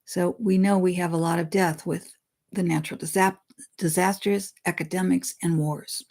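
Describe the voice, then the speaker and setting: Earnest woman psychic, low voice. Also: steady tone, moderate pace, gravelly, darkish tone. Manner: earnest, talks straight to listeners as friends; stops to comment and rephrase, laughs at her own slips. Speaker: psychic medium. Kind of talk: reading channeled messages aloud and explaining them.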